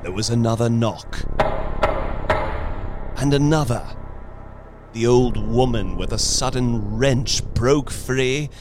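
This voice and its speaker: A man narrating a horror story in a slow, hushed, suspenseful dramatic reading. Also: medium pitch, music in the background.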